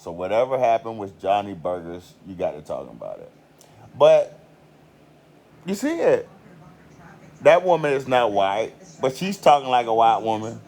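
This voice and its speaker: A man's voice: on the low side, big pitch swings, moderate pace, pauses often, a little mellow. A man with an American country accent ranting in a heated, profane monologue. He swears constantly and repeats himself for emphasis. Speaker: commentator.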